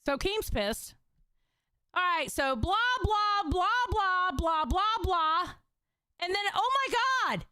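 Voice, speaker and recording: A woman's voice: extremely high pitch, animated, takes it slowly, pushed and bright, dry recording. A woman hosting a casual commentary, reacting bluntly and with lots of swearing to stream clips. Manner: blunt, profane, exclamatory.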